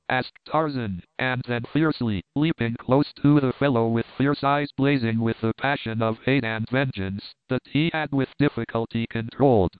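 Male audiobook reader, smooth clear voice, tinny phone-like sound, dry. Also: medium pitch, dry recording. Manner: steady, measured reading. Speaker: audiobook narrator. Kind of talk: scripted narration.

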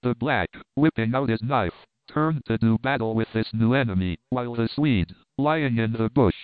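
A man reading an adventure novel aloud in steady, measured narration. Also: medium pitch, clear, resonant tone, no room sound. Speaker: audiobook narrator. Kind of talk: scripted narration. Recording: tinny phone-like, dry.

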